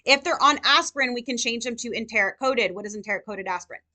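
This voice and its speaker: A woman nursing tutor lecturing a live class, firing rapid questions at her students. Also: a little high, pushed and bright.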